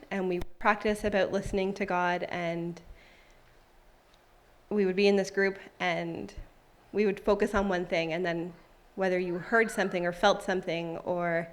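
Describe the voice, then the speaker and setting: A woman in her thirties at a church service, sharing a personal testimony in a conversational, heartfelt way and then reading scripture aloud. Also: on the low side. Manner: conversational and heartfelt, with many fillers.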